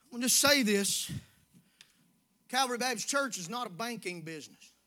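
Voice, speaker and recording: In a sermon to his flock, this pastor's very high, piercingly bright voice moves at a moderate pace with lively intonation. He's folksy and familiar, going quiet for hushed asides before climbing to shouts, all with a church-sanctuary feel.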